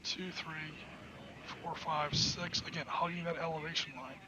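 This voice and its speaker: A man's voice: fairly high pitch, unhurried. A man hosting a podcast, narrating his own solo tabletop wargame and cheering on his dice rolls as he plays. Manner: excitable, talks to himself while playing. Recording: dull lo-fi sound with clear background noise.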